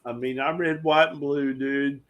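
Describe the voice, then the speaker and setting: A man's voice: medium pitch, fairly even intonation, unhurried, dull audio. A man with a Southern US accent chatting casually, folksy, calling people dude and brother. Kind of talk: casual podcast chat.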